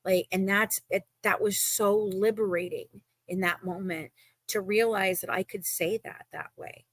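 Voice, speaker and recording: A woman's voice: medium pitch, steady tone, measured pace, no room sound. A woman talking emotionally and emphatically in a casual chat, often repeating herself.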